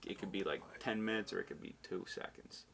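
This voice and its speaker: A man's voice: low-pitched, brisk, gravelly, fairly bright tone, slight background noise. A man hosting a podcast, asking questions in a laid-back, agreeable way with plenty of fillers. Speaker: podcast host. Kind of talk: casual interview.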